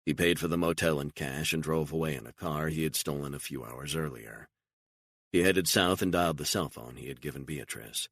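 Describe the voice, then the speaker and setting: A man with a gravelly voice reading a thriller audiobook in a steady, even way. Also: very deep voice, normal speed, no room sound, clean studio sound. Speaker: audiobook narrator. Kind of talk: scripted narration.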